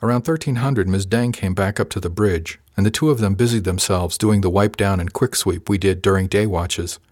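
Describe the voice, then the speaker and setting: A man with a lowish voice narrating a first-person audiobook. His reading is measured and even, recorded close in a dry, dead space. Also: no room sound.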